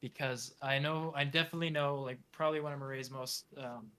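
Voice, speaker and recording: A man's voice: mid-range voice, fairly even intonation, brisk, sharp tone, clear, resonant tone. A man hosting a casual review show, hesitant and full of fillers, repeating himself as he judges an edit. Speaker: host reviewing video edits. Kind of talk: casual podcast chat.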